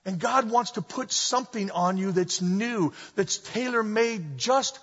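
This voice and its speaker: A middle-aged man preaching a sermon, animated and full of humorous storytelling, recorded in a church hall. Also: high-pitched, measured pace, husky. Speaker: pastor. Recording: dull echoey hall recording.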